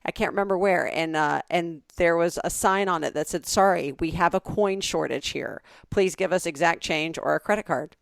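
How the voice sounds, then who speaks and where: A woman's voice: on the low side, moderate pace, creaky, few pauses, no echo, studio quality. A woman in her forties co-hosting a podcast, telling rambling stories in casual chat with lots of restarts. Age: 40s. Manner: chatty storyteller with many restarts. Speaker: podcast co-host.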